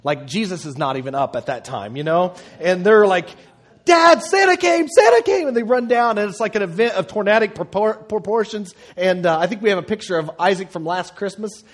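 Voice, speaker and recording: Male pastor, thirties, slightly high voice, chatty humorous sermon, lots of uhs and restarts. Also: fairly quick, few pauses. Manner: conversational, humorous, frequent fillers and restarts. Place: church auditorium.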